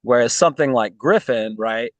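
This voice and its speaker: A man's voice: medium pitch, moderate pace, no echo, muffled recording. A man in a casual online chat, thinking aloud with frequent fillers and tag questions.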